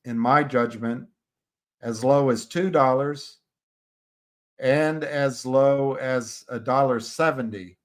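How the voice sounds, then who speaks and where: Male live-stream host, slow, halting chart commentary with restarts. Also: mid-range voice. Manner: halting, restarts mid-phrase, talks to viewers by name. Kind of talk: casual stock chart commentary.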